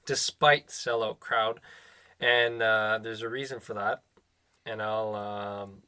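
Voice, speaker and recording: A man co-hosting a casual sports podcast, relaxed, looking up and reading out facts. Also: on the low side, takes it slowly, clean tone. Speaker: podcast co-host. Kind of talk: casual chat.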